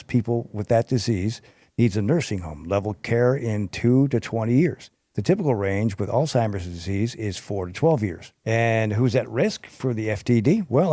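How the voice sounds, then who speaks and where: A man's voice: mid-range voice, warm tone, dry recording. Man hosting a podcast, dry sound. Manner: reads from notes with asides and stumbles. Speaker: podcast host. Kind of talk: reading health information aloud.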